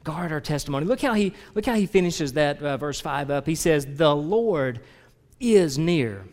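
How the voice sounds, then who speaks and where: A man preaching from the pulpit with an earnest, heartfelt delivery that drops low and confessional, then rises into loud emphasis. His voice sits a little higher than most men's. It rings with the long reverb of a church sanctuary. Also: a little fast. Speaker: pastor. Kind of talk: sermon.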